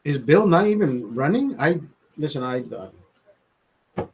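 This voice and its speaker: A man's voice: a little high, lively intonation, measured pace, pauses often, a little mellow, husky. A man hosting a casual livestream, rambling and swearing, laughing often as he talks to viewers. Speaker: livestream host.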